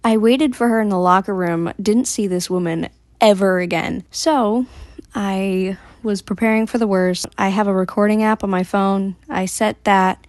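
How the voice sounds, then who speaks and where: A woman vlogger telling a story to camera in a chatty, animated way, laughing between lines. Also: mid-range voice, normal speed, no room sound, clean studio sound.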